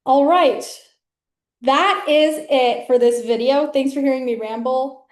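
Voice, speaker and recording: A woman's voice: high voice, a little slow. A woman hosting her own video, talking casually and rambling with many fillers and restarts. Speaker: video host. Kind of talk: casual rambling talk to camera. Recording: echoey room.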